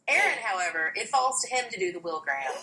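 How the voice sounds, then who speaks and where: Lively woman telling convention stories. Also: a little high, fast, gravelly, slight background noise, poor audio. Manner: animated storytelling, quotes others. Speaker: podcast co-host. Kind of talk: casual chat.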